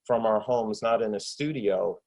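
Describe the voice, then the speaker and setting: A man's voice: fairly low pitch, measured pace, darkish tone, low-quality recording. Guy on a home mic gushing in an interview, lots of likes and ums. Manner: enthusiastic, rambling, lots of fillers. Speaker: actor and filmmaker. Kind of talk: casual video interview. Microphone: desktop USB microphone with pop shield.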